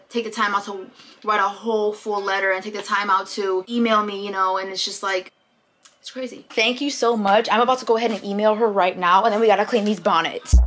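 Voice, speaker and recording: A young woman vlogging an unboxing in a casual, gushing, excitable way, filling her talk with "like". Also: mid-range voice. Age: young adult. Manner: gushing, excitable, says "like" often.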